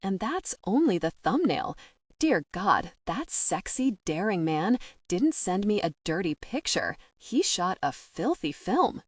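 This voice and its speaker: A woman narrating a romance audiobook in the first person, slowing down and lingering over the heated passages. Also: medium pitch, sing-song, no echo, studio quality.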